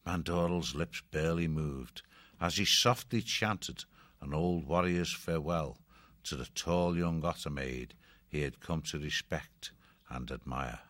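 A man reading an adventure story aloud as an audiobook narrator, measured and expressive. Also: very deep voice, dry recording, studio quality.

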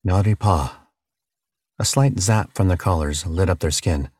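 A man narrating an audiobook in a steady, measured reading. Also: low-pitched, slightly rough, no echo, clean studio sound. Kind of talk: scripted narration.

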